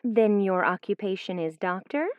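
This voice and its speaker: A woman playing a courteous phone company clerk in a scripted exam dialogue, asking measured questions. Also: medium pitch, clean tone, dry recording, close to an everyday voice. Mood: polite. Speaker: customer service clerk in a listening exam recording. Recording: dry muffled studio recording.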